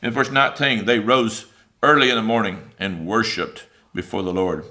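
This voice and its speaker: A man delivers a sermon in a bright, forward voice. He speaks loosely and conversationally, with plenty of fillers, and reads scripture aloud before paraphrasing it. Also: fairly low pitch, normal speed. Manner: conversational, animated preaching with many fillers. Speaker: preacher.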